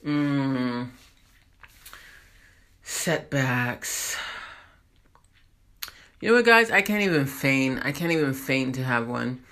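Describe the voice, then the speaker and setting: A woman's voice: extremely low pitch, animated, slow, long pauses, fairly bright tone. A woman hosting a casual, rambling motivational monologue, laughing at herself as she encourages listeners. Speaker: host.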